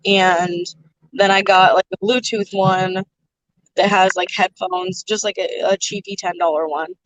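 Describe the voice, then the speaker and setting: A woman hosting a livestream, chatting casually and loudly over a phone from inside a noisy car. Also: medium pitch, dry recording. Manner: loud, projecting voice. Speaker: livestream host. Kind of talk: casual chat.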